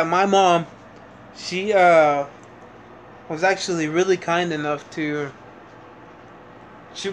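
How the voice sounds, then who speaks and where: A man's voice: on the high side, fairly bright tone, slight background noise. Rambling, frustrated young man vlogging. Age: young adult. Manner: rambling, frustrated, with many fillers and restarts. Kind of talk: casual vlog monologue.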